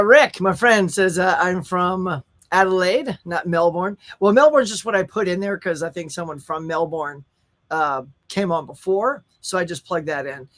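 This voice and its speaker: A man's voice: high voice, fairly bright tone. A middle-aged man from Colorado, hosting a casual live stream and chatting with viewers, often laughing. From Colorado, USA.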